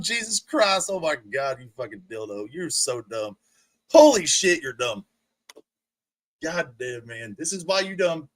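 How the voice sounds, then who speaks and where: This streamer has a slightly high, sing-song voice and a measured pace, with no room sound. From his rolling recliner indoors, he rants at and ridicules someone, cursing and laughing throughout.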